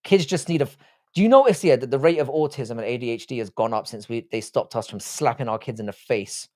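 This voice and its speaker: A man's voice: medium pitch, fast, darkish tone. A young man hosting a casual live stream from a desk mic. He reads the chat aloud and answers it in a blunt, crude, joking way, swearing freely. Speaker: livestream host reading chat. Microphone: desk microphone, seated.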